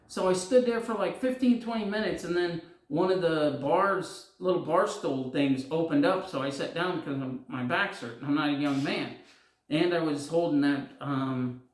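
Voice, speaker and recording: A middle-aged man telling a rambling personal story on his guitar vlog, with many fillers, acting out the voices of the people he quotes. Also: on the high side. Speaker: guitar vlogger. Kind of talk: casual storytelling. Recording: echoey room.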